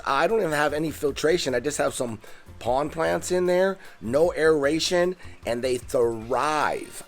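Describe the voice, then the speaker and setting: A man vlogging outdoors beside his backyard koi pond, talking casually and eagerly into a handheld phone camera, his voice jumping up on the exciting bits. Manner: enthusiastic, chatty, pitch jumps up on exciting points. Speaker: fish keeper vlogger. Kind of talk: casual show-and-tell vlog.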